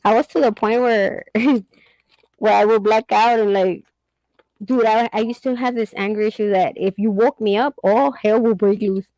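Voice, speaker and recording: Gravelly-voiced woman chatting candidly. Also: mid-range voice, fairly even intonation, normal speed, dark tone, no echo, rough recording. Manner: candid, swearing, laughs often. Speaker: host. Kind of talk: casual chat.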